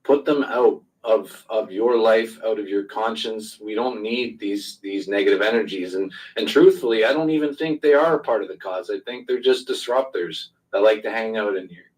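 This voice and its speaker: A man in an online voice chat, calmly consoling and reassuring another participant. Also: on the low side, moderate pace, few pauses, far from the mic, rough recording. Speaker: Twitter space participant. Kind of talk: group voice chat.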